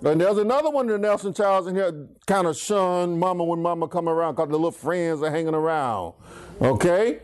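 High-voiced preacher calling out to his flock. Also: a little fast. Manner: preachy, swings pitch, asks congregation to finish lines. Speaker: pastor. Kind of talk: call-and-response Bible teaching.

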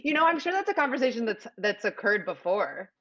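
A woman's voice: fairly high pitch, sing-song, a little fast, a bit bright. A woman from Canada, a writer and actor, chatting casually and laughing often as a podcast guest. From Canada (Alberta). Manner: upbeat, self-deprecating, laughs often. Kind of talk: casual chat. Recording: dull lo-fi sound.

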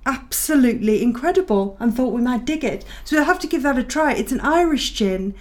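A woman co-hosting a podcast in casual chat, brisk and upbeat as she steers the talk. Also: sits high, animated, a little mellow. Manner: brisk, upbeat, wraps up the show. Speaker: podcast co-host.

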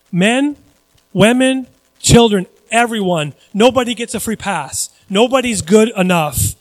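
Animated high-voiced male pastor preaching. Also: moderate pace, dry recording, poor audio. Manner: animated, shifting between loud emphasis and quiet asides; acts out quoted voices. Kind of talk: sermon.

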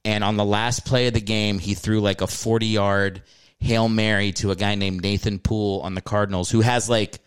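A man's voice: on the low side, little pitch movement, normal speed, clear, resonant tone. A man hosting a casual podcast, talking loosely and swearing while rambling about football. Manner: rambling, profane, football talk. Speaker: podcast host.

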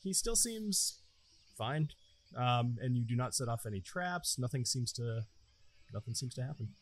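A man narrating as game master of a tabletop game, relaxed and chatty, laughing often. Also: medium pitch, normal speed.

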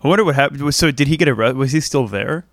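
A man's voice: mid-range voice, quick pace, no echo. A man co-hosting a podcast in casual chat, reacting and asking follow-up questions. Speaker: podcast co-host.

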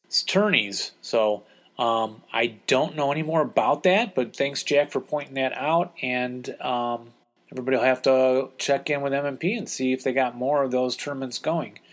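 A man hosting a podcast from his family home, reading listener letters in a relaxed, joking chat. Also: medium pitch. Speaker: podcast host.

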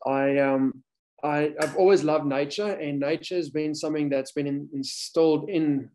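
A man's voice: a little high, darkish tone. A man raised in South Africa, a safari photo guide, talking as a guest in a casual interview with many fillers and restarts.

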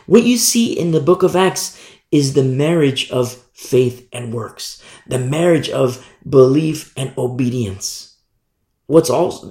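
A man's voice: mid-range voice, a little mellow. A man teaching a Bible sermon with fervent, emphatic repetition. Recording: roomy echo.

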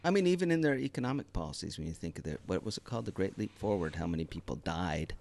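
Lively, wry male podcast host. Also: low voice, quick pace, vocal fry. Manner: wry and joking, animated delivery. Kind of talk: casual chat.

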